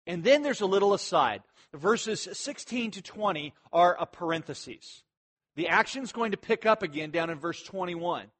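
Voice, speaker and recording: A man delivers an expository sermon in a conversational way, with fillers and asides. His voice sits high, and he bursts into shouted commands to drive a point home. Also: moderate pace. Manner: animated, shouts imperatives for emphasis. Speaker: pastor.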